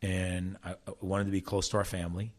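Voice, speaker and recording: A middle-aged soccer coach and former player from South Jersey, USA, guests on a casual interview, telling animated stories and often restarting his sentences. His voice sits low and runs a little fast.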